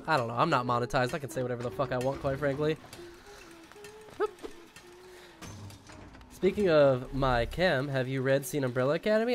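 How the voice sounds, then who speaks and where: This fairly high-pitched man talks a little fast and pauses often while chatting casually to viewers during a game stream. His style is jokey and rambling as he plays.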